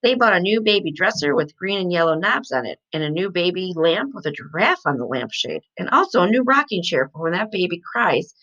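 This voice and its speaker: A woman reading a children's chapter book aloud in an animated storytelling manner. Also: lowish voice, brisk, hardly any pauses. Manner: animated storytelling with light laughs. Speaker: reader. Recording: dull lo-fi sound.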